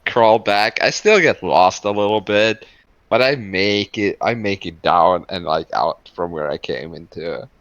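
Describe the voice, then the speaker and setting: Deep-voiced hesitant man player. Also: measured pace, a bit bright, no room sound, dull audio. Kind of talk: tabletop role-play.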